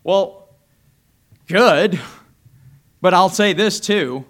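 A man preaching a sermon with passion, dropping to a hush and rising to loud cries as he acts out the voices he quotes. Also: high-pitched, extremely slow. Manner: impassioned, swings from soft to loud cries.

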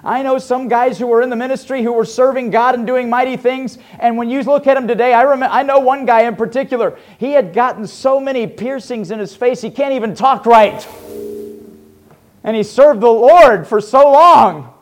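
A male pastor preaching a sermon, dropping to hushed low asides and rising to loud fervent pleading. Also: moderate pace.

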